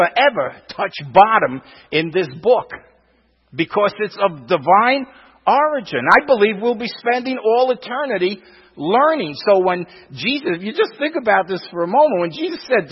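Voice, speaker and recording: A man's voice: high-pitched, expressive, moderate pace, breathy edge. An older man preaching a sermon in an emphatic way, repeating words and asking rhetorical questions. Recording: dull, lo-fi sound with long reverb.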